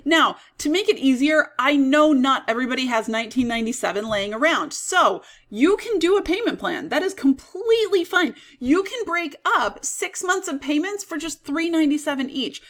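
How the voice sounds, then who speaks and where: A woman coach giving an upbeat, persuasive sales pitch for her online course. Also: lively intonation, brisk, few pauses, fairly bright tone. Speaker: business coach.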